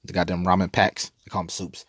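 A man's voice: low voice, monotone, a little fast, fairly bright tone, dry recording, clean studio sound. A man casually telling a story, laid-back and profane, rambling with frequent laughs.

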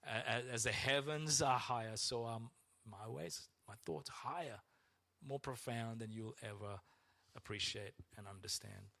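A man preaching a sermon as pastor, acting out complaints to God in a raised, strained voice. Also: vocal fry. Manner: animated, acts out complaints to God in a high strained voice.

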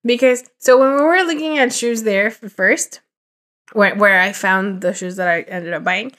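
A woman's voice: mid-range voice, moderate pace, a bit bright. A young woman co-hosting a podcast, telling a rambling story in casual chat, full of fillers and acted-out quotes. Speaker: podcast co-host.

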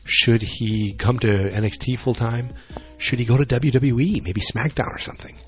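A solo wrestling vlogger rambles casually about upcoming wrestling matches, joking and poking fun at himself. His voice is medium in pitch at a moderate pace, with faint music behind him.

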